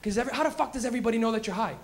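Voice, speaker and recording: A man hosting a comedy show, doing a loud, crude stand-up bit with acted-out rants. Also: very high-pitched, very fast. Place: comedy club stage.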